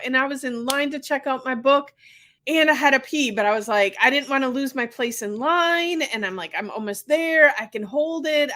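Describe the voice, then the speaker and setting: A woman's voice: high-pitched, pushed and bright. A woman hosting a podcast and talking about her work as a physical therapist, chatty and earnest in casual conversation.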